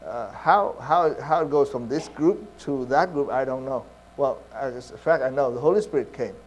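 A man's voice: mid-range voice, moderate pace, a little hiss or hum. A man preaching a sermon in an earnest, conversational way, with many fillers and restarts. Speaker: pastor.

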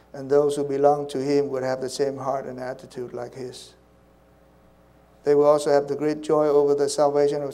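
A man preaching a sermon in an earnest way, repeating phrases and dropping to soft, hushed tones. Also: medium pitch, poor audio.

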